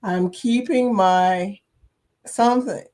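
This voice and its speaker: A woman's voice: medium pitch, slow, mellow. An older woman hosting a casual live-stream chat, chatty and laughing often as she reads viewers' comments aloud, with a slight cough and a dry throat.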